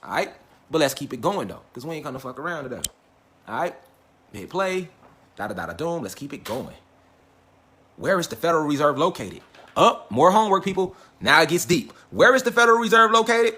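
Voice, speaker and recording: A man with a fairly high voice runs a casual livestream lecture. He is emphatic and profane, and keeps checking in with his audience and hammering each point home. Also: sing-song, brisk, long pauses, fairly bright tone. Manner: profane, emphatic, repeats "facts" and "all right"; talks directly to viewers, asks them questions. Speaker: online lecture host.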